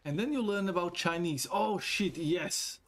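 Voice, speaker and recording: Male streamer, slightly high-pitched, chatty, jokey and foul-mouthed. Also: measured pace. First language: not English. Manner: chatty, profane, joking, reads chat aloud. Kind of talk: casual gaming stream chat.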